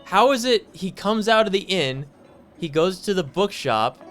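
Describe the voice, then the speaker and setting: A mid-pitched streamer voice talks over a story game in a loose, conversational way. The asides are quick and sarcastic, with faint game music in the background. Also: lively intonation, a bit bright. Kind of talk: casual game commentary.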